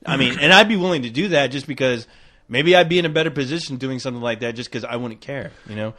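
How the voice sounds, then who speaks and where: A man co-hosting a podcast in casual chat, hesitant, with many restarts, trailing off softly. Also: medium pitch, fast. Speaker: podcast co-host.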